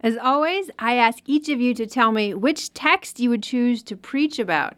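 A woman from Wisconsin hosting a podcast on sermon planning, moving the talk along briskly and reading a scripture passage aloud. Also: on the high side, lively intonation, fairly bright tone, clean tone, dry recording. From Wisconsin, USA. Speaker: podcast host and producer.

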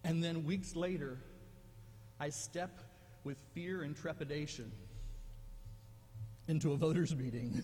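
A man's voice: fairly high pitch, a little slow, long pauses, mellow, big-room sound, slight background noise. A male pastor preaching a sermon in a conversational, self-deprecating way, often repeating words as he goes.

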